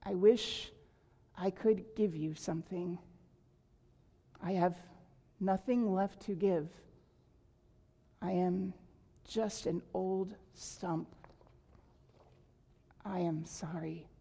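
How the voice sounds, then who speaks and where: A woman reading aloud and voicing a gentle, giving female apple tree in a tender, slow storybook manner. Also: lowish voice, steady tone, gravelly, slightly rough, heavily acted. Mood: sorrowful.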